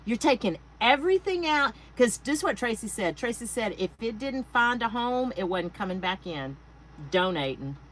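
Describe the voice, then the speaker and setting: A woman's voice: a little high, big pitch swings, a bit bright, low-quality recording. Chatty Southern woman hosting a livestream. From Texas. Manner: chatty, greets viewers by name, drawn-out exclamations. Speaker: craft livestream host. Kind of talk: casual livestream chat. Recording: faint air conditioner hum.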